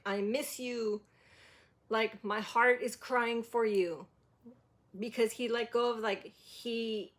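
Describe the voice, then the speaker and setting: Woman host, high voice, chatty vocal coach reaction, breaks into sung demos. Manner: demonstrates by singing lines, filler-heavy "like". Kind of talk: casual vocal critique.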